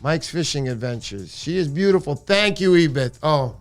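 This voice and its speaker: A middle-aged man hosting a casual livestream, playful and jokey with loud bursts of excitement. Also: fairly high pitch, normal speed, soft background music. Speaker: livestream host.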